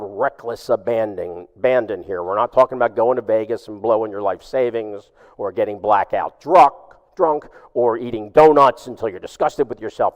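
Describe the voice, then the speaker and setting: A man preaching a sermon and telling a story in an expressive, animated way. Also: mid-range voice, in a large hall. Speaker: pastor. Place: church sanctuary.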